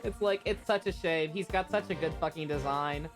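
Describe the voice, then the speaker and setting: A man's voice: fairly high pitch, normal speed. A man streaming a game, joking loosely and swearing freely as he comments. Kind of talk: let's play commentary. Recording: game music behind.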